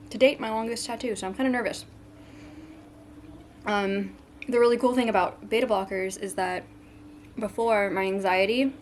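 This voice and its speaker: Young woman vlogger, twenties, casual rambling chat, mid-pitched voice, faint home noise. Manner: chatty, frequent ums, eating while talking.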